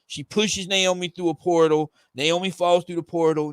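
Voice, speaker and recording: A man's voice: sits high, fairly even intonation, normal speed, clear, resonant tone, dry recording, clean studio sound. Rambling man reading a comic aloud. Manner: rambling, hesitant, with fillers and self-corrections. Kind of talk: casual reaction commentary.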